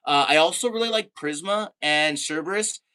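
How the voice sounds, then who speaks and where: A man from Canada chatting casually on a live stream, reading out viewer comments, laid-back and quick to laugh. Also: on the high side, bright, forceful tone, clean tone.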